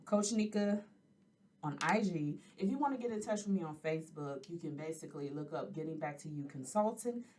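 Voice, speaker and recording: A woman in her forties hosts a casual podcast and talks straight to her listeners. Her pitch swings widely and her tone is bright. She sits a little back from the microphone. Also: distant mic. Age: 40s. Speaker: podcast host and life coach.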